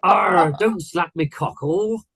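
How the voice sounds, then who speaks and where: A man's voice: sits high, slow, fairly bright tone, breathy edge, no room sound, pitched above the performer's own voice, exaggerated voice. Man doing a growling pirate captain. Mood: bellowing. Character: rowdy male pirate captain, boisterous.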